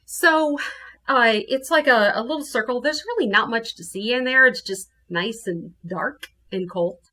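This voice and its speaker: A woman from New Orleans, a guest telling her ghost story in casual, animated talk. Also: a little high, normal speed. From New Orleans, USA. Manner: animated, acts out her own quotes.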